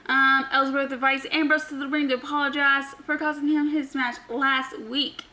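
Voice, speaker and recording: A woman's voice: high-pitched, little pitch movement, normal speed, pushed and bright, low-quality recording. A woman casually recapping a wrestling episode for her channel, chatty, with many ums and offhand opinions. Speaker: wrestling show recap host.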